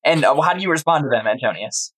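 A man's voice: on the high side, expressive, fast, fairly bright tone, husky, rough recording. A man running a tabletop game as game master, narrating casually with frequent restarts.

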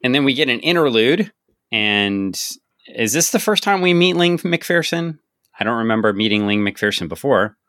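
Bright, dry-sounding male podcast host. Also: mid-range voice, big pitch swings, normal speed, dry recording. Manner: recaps plot, jokes in a put-on drawl. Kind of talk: casual comic book podcast chat.

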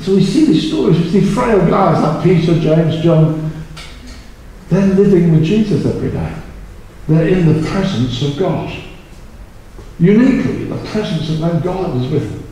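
A male preacher with a high, mellow voice tells his stories with animated energy. He slips into quoted voices to act out the people in them. He is heard from a distance, with heavy hall echo around him. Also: moderate pace, slight background noise. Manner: animated storytelling, acting out the disciples in quoted voices. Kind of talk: sermon. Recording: echoey hall recorded from far off.

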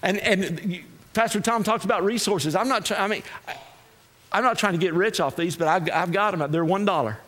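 A male guest preacher from Texas delivering a sermon in a church, swinging between shouted exhortation and quiet, confiding asides with repeated refrains. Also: high-pitched, fairly quick. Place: church sanctuary with congregation.

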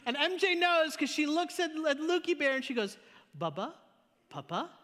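Pastor delivering a live sermon, very high-pitched man's voice, animated storyteller, long church-hall reverb. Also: brisk. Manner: animated storytelling with repeated words and big pitch swings. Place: church auditorium.

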